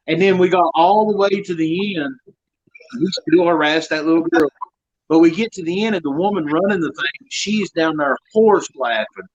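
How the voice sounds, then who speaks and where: A man hosting a casual chat, telling a story with animated laughter. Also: high-pitched, moderate pace, dull audio. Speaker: host.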